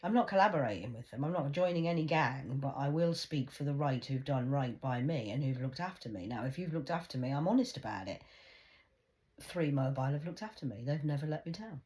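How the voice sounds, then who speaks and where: A woman in an agitated ranting monologue to camera, jumping between hushed whispers and loud outbursts and often stumbling over repeated words. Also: rumbling low, lively intonation, fairly quick. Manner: repetitive, stumbling restarts. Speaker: vlogger.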